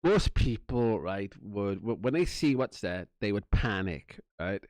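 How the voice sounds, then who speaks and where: A man's voice: lowish voice, animated, a little slow, a little mellow, dry recording. Rambling, swearing Welsh man. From Wales. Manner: rambling, swearing, laughs often, acts out quotes. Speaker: channel host telling a story. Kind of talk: casual storytelling monologue.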